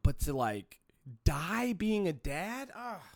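A man ranting through a solo podcast monologue, profane and rambling, restarting his sentences often. His pitch swings up and down with lively energy. The sound is dry and close, with no room around it. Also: slow pace, creaky, dry recording. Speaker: podcast host.

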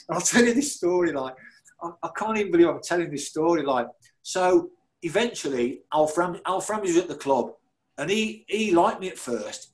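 A man tells his own story in a candid, blunt way. His voice sits a little high, and he laughs at himself and swears freely. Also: a little mellow, rough recording. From Birmingham, England. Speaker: former footballer telling his story.

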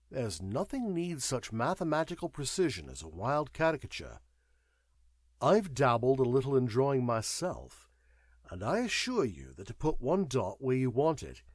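A man narrating a story in an expressive storytelling manner. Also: mid-range voice, slightly rough, no room sound, studio quality. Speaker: audiobook narrator. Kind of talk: scripted narration.

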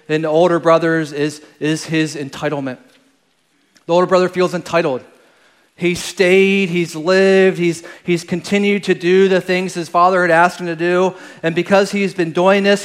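A man preaching a sermon in an earnest, halting way, with frequent restarts and phrases that trail off quietly. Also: high voice, steady tone, clear, resonant tone. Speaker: pastor.

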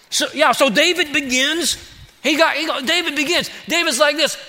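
A man preaching a sermon, lively and conversational, acting out the pleas of the psalm in a casual voice. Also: very high-pitched, measured pace. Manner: animated, acts out David's pleas in casual voice. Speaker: pastor. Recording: long hall reverb.

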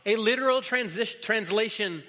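Male pastor, casual sermon delivery with fillers, slightly high voice, long hall echo. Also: moderate pace, bright, forceful tone. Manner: casual teaching with many fillers and restarts.

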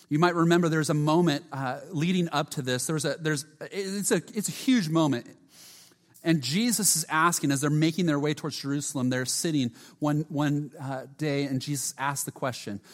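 A man preaching a sermon, earnest, often dropping to a hushed voice, with frequent restarts and repeated words. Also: on the high side. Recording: long hall reverb.

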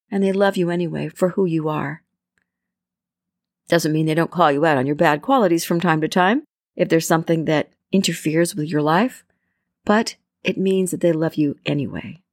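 A woman's voice: lowish voice, no echo, studio quality. A middle-aged woman giving casual advice on friendship, chatty, often acting out little quoted exchanges. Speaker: self-help speaker. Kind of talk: casual advice talk to camera.

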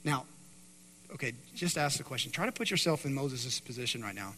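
A man's voice: medium pitch, animated, a little fast, slight background noise. Man preaching in a reverberant hall. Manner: swings between loud emphatic preaching and hushed quiet passages. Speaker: pastor. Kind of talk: sermon. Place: church sanctuary.

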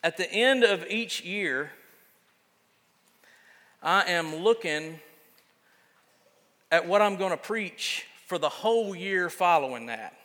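Man pastor, high and bright, joking and chatty in the pulpit, long reverb of the sanctuary. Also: lively intonation, slow pace, long pauses. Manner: casual, self-deprecating preaching with frequent restarts. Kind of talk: sermon.

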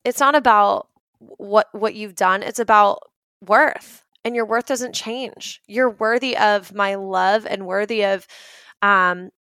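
A woman's voice: medium pitch, fairly even intonation, slow, sharp tone, clean tone, no room sound, studio quality. Woman voicing a forgiving, overjoyed father. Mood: reassuring. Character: forgiving father welcoming his son home.

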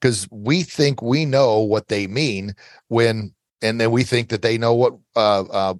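A man's voice: medium pitch, unhurried, dry recording. A middle-aged man giving earnest, motivational self-defense advice as an interview guest, coaching listeners and repeating his key phrases.

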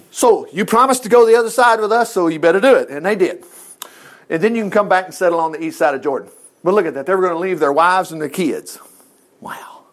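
A man preaching an informal sermon, retelling Bible stories in a chatty, animated way with joking asides. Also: sits high.

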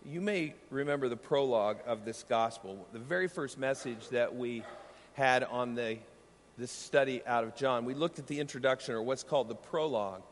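A man preaching a sermon as pastor, teaching earnestly and slowing down to stress key lines. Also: medium pitch, big-room sound, slight background noise.

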